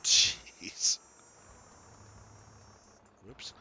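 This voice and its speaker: Bright-voiced easygoing man streaming a game. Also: extremely slow, dull audio. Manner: chatty and easygoing, laughs often, talks to viewers. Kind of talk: casual live-stream chat.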